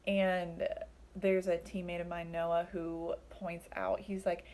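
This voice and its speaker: A woman's voice: lowish voice, level tone, takes it slowly, darkish tone, slight background noise. A young woman giving a casual Bible study talk, chatty and full of fillers, acting out the lines she quotes. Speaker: Bible teacher.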